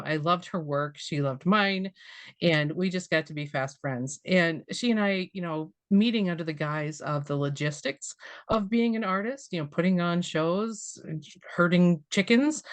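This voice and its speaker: A woman's voice: low voice, no echo. Chatty middle-aged Minnesotan woman. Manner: chatty and warm, laughs often, many fillers. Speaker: guest artist, printmaker. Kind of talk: casual conversational interview.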